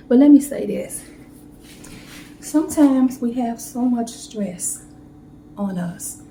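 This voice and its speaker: Woman, cooking vlogger with a mellow tone, chats heart-to-heart in a roomy kitchen. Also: a little high, slight background noise. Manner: chatty, heartfelt, talks straight to viewers. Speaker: home baking vlogger. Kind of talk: casual cooking demo chat. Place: home kitchen.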